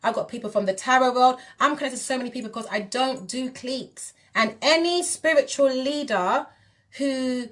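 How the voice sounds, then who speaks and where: Forceful British woman slipping into patois. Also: high voice, moderate pace. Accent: British English mixed with Jamaican patois. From England. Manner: emphatic, confrontational, repetitive. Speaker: musician and spiritual wellness figure. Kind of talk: livestream rant.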